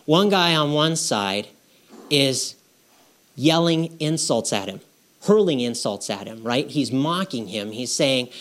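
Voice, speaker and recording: A man delivers a sermon in a relaxed, conversational way, as if talking one-on-one with his congregation. His voice sits in an ordinary middle pitch, and he keeps tagging his points with "right?" and "okay?" to pull listeners along. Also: slow. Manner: conversational preaching, frequent "right?" and "okay?" checks. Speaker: pastor.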